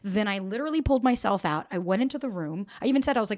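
A woman in her forties talks openly on her own podcast, with a voice of middling pitch. She is emotional and unfiltered, swears freely and acts out the remarks of others as she tells the story. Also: lively intonation, racing, a little mellow. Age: 40s. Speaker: podcast host. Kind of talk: candid confessional chat.

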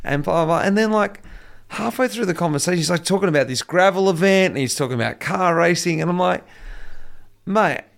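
A man, a former pro cyclist, chatting casually and telling lively anecdotes. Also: high voice, fast talker, gravelly. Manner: chatty storyteller, colourful quoted voices. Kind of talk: casual chat.

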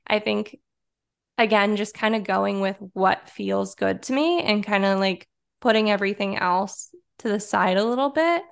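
A woman with a Detroit accent, a guest in a relaxed podcast chat, talking loosely with lots of "like" and "um". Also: medium pitch, vocal fry, clean tone. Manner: relaxed, chatty, filler-heavy with frequent likes and ums. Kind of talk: casual chat.

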